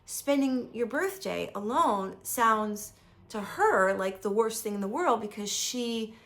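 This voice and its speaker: A chatty woman in her fifties with a slight gravelly fry in her voice. She tells a personal story to the camera in an eager, casual way, and her talk is full of "um" and "like". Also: a little high, lively intonation, slow pace, a bit bright. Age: 50s. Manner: enthusiastic, chatty, many fillers like "um" and "like". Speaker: vlogger.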